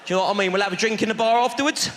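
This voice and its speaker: A man's voice: high voice, racing. A man doing stand-up, bantering brashly with the audience in a large theatre. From London. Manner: brash, mock-welcoming banter with the crowd. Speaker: stand-up comedian. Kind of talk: stand-up crowd work. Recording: big echoey hall with loud crowd. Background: audience laughter.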